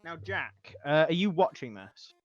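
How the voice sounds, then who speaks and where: A man's voice: a little high, big pitch swings, a little slow, no room sound, faint music behind. Guy running a tabletop game, lots of ums, dull lo-fi sound, dry. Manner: hesitant, filler-heavy narration. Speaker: game master.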